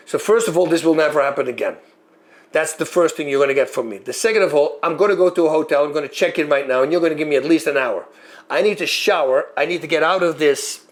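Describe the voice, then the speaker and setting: A former fighter telling a long story in a lively way, acting out moves and sounds as he goes. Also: a little high. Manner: animated, acts out moves and sounds. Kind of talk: storytelling monologue.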